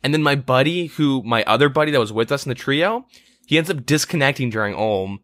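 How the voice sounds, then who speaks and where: A man's voice: medium pitch, expressive, brisk, a bit bright, dry recording, studio quality. A man co-hosting a casual gaming podcast, telling a long rambling story with lots of swearing and exasperated asides. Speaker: podcast co-host.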